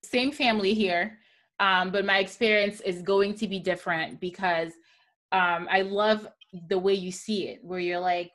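A woman's voice: mid-range voice, measured pace. Candid young woman from Gabon. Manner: candid, lively storyteller. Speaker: panelist. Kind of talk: casual panel discussion.

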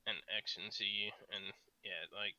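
A man's voice: lowish voice, level tone, measured pace, highs cut off, a crowd in the background. A man in casual chat who reasons things through in a thoughtful, analytical way.

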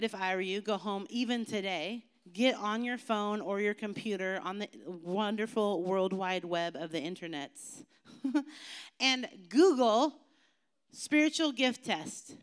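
Lively youth pastor woman, smooth voice. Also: medium pitch. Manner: lively, chatty and joking, with emphatic slowed phrases. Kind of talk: youth sermon.

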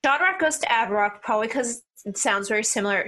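Bright, lively woman reviewing albums. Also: a little high. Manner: animated, laughing often, quick asides. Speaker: podcast co-host. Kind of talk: casual album review chat.

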